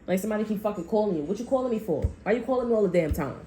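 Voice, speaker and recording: A woman's voice: medium pitch, lively intonation, racing, dark tone, soft background music. A woman giving a casual tarot reading, blunt and rambling, with heavy swearing and frequent repetition. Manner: rambling, repeats herself. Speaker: tarot reader.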